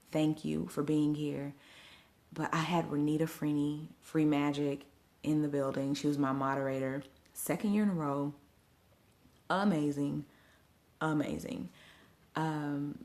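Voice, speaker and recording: A woman's voice: sits low, creaky, a little mellow. A woman casually recapping her event on a phone livestream, chatty and storytelling straight to her viewers. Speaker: event host and live streamer. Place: at home at night.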